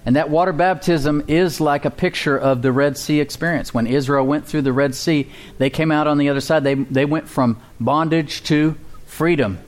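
A man's voice: a little high, moderate pace, few pauses. A male pastor preaching a sermon and leading a prayer, with a preaching cadence and call-and-response with the congregation.

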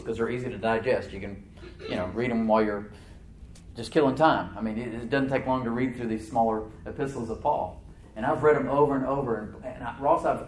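A male pastor delivering a sermon in a church, moving between loud emphatic bursts and low, quiet asides. He talks conversationally and often restarts his words. A faint hiss sits under his voice. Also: roomy sound.

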